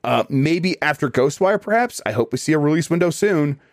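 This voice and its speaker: A man co-hosting a casual podcast, reading listener questions aloud in a relaxed way with filler words. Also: fairly high pitch, brisk, no room sound, studio quality. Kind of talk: casual chat.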